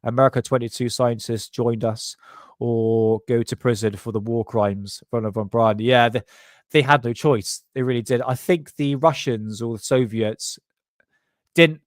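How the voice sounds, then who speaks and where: A man from England with a Bristol accent, hosting a casual chat, slangy and quick to laugh. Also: medium pitch, no room sound, studio quality. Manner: chatty, slangy, laughs often. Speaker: podcast host.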